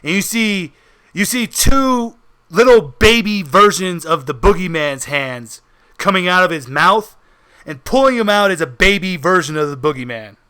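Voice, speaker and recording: A man's voice: high voice, expressive, normal speed, pushed and bright, smooth. A man narrating a tabletop horror game as game master, with dramatic descriptions and frequent laughter.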